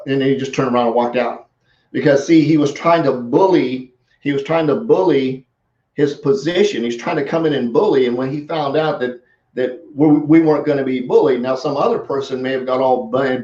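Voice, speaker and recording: A man's voice: medium pitch, a little mellow. Man coaching in a roomy, dull recording. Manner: conversational, acts out sample replies. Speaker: sales coach. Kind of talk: casual coaching talk. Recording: roomy, slightly dull audio.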